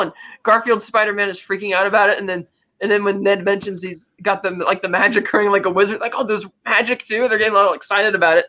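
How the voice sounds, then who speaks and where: A man co-hosting a casual movie review chat, rapidly recapping the plot and acting out the characters' lines. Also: high voice, sharp tone, muffled recording. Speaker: podcast co-host.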